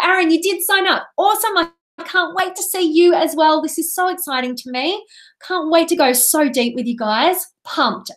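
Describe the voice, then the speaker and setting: High-voiced woman coach, bubbly and effusive, reading out viewer comments live. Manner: gushing, effusive, thanks viewers by name. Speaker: life coach hosting a live training.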